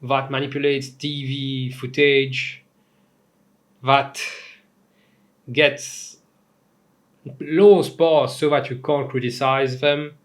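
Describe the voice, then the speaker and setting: A young man from Mauritius hosting a casual comedic commentary show, talking in an animated, rambling way with swearing and asides. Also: medium pitch, takes it slowly, pauses often. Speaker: host.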